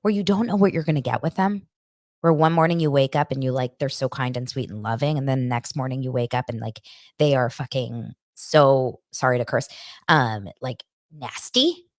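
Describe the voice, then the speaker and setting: A woman's voice: very deep voice, normal speed, no room sound, clean studio sound. A woman hosting a podcast, chatting casually and with animation, full of fillers and restarts. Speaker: podcast host. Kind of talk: casual gossip chat recapping reality TV.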